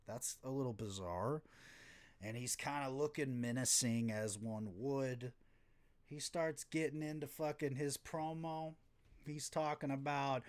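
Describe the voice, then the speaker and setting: A man's voice: medium pitch, measured pace. A man hosting a podcast, recapping wrestling casually, rambling and sarcastic, swearing often. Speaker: podcast host.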